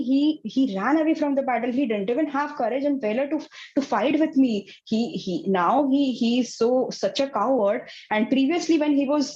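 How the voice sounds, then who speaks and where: A woman's voice: fairly high pitch, darkish tone, lo-fi sound, natural voice. A woman voicing a boastful, scornful male king who mocks a rival, with frequent fillers. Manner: sneering, hesitant with fillers.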